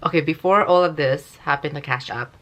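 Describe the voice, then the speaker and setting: A woman's voice: low voice, a little fast, fairly bright tone, dull audio. A young woman vlogger telling a story casually, rambling and swearing, with constant "like"s. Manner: rambling, profane, full of "like".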